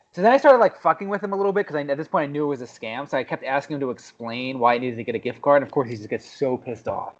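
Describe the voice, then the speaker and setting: A young man co-hosting a podcast, telling a story in a lively way and acting out the people he quotes. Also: mid-range voice, quick pace. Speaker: podcast co-host. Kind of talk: casual chat. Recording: dull lo-fi podcast audio.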